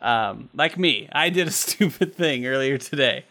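Bright-voiced joking man on a podcast. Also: mid-range voice, animated, a little slow. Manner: joking, laughs often, swears casually. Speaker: podcast co-host. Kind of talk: casual chat.

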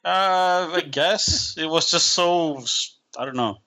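A man's voice: fairly high pitch, slow, bright, forceful tone. A man co-hosting a casual chat, easygoing, often restarting his sentences with stammers. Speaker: podcast co-host.

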